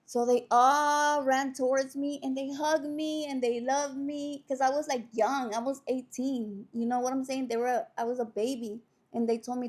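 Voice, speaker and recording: Foul-mouthed woman, fairly high voice. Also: normal speed. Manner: profane, blunt and animated, swearing constantly; drops into Spanish words mid-sentence. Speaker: podcast host. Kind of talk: candid personal storytelling.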